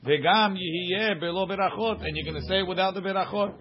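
A man teaching a religious law class, reading source text quickly and then explaining it casually to students, in a dull lo-fi recording. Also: high-pitched.

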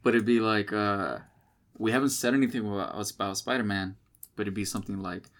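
A man's voice: on the low side, fairly even intonation, fairly quick, fairly bright tone. A man co-hosting a casual podcast who talks bluntly, swears freely and teases his co-host. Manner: blunt, profane, teasing.

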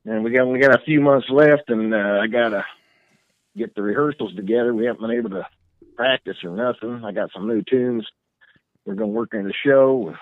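A man's voice: medium pitch, lively intonation, no echo. Laid-back male musician on a dull line. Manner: laid-back, halting, full of fillers. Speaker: musician guest. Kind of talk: casual phone-in chat.

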